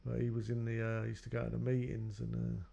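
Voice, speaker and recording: Gravelly man recounting his past. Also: medium pitch, monotone, fast talker, dark tone, lo-fi sound. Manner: rambling, quotes others in his story. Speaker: guest telling his life story. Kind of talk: personal storytelling.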